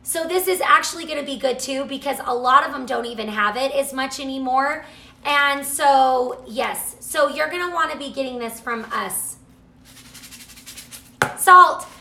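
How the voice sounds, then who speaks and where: A woman hosting a live cooking chat from her home kitchen, gushing excitedly and reading out viewer comments to her camera. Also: high voice, moderate pace, gravelly, roomy sound. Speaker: cooking show host selling products. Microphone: camera mic, moves off camera at times.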